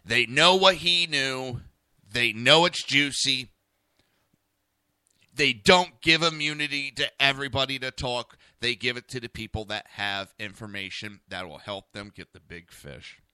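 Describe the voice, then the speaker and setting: A man's voice: mid-range voice, measured pace, bright, forceful tone, clean tone, no room sound, studio quality. A man with a New Jersey accent hosting a talk radio show, ranting bluntly and cursing freely. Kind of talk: opinionated talk radio rant.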